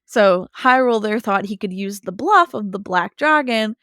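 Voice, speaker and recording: A podcast co-host goes over a cartoon episode in laid-back chat, narrating with animation and dropping into characters' lines for a moment here and there. Her voice is medium-pitched, clear and resonant, unhurried, with studio-quality audio and no room sound.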